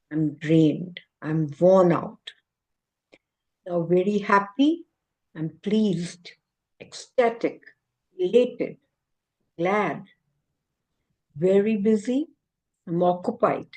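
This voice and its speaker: A woman tutoring English exam vocabulary, slowly listing one example word after another. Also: mid-range voice, a little mellow, rough recording. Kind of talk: vocabulary lesson.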